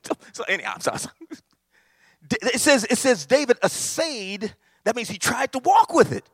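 Animated preacher, high voice. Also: male voice, fairly quick, breathy edge, dry recording, clean studio sound. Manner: animated, repetitive, emphatic. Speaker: pastor. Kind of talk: sermon.

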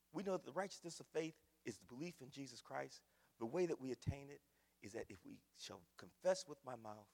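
A man preaching, his gravelly voice sitting a little high. He moves from quiet storytelling to ringing declarations and calls the congregation y'all. A long reverb hangs on every word. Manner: swings from hushed storytelling to loud preaching; folksy, addresses the congregation as y'all. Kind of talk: sermon.

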